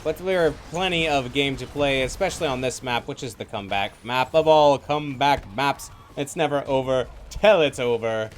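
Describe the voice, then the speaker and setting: With a mid-range voice at normal speed and few pauses, this esports caster narrates a live game match. He calls plays energetically and reads viewer chat over slightly noisy stream audio.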